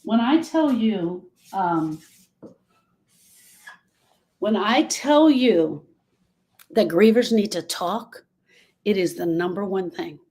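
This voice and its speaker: A woman stands before a live group and talks about grief, pressing each point home with earnest emphasis. Her voice sits at an ordinary mid pitch. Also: lively intonation, slow, long pauses, darkish tone. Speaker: grief speaker. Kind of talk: motivational talk to a live group. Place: room with a live audience.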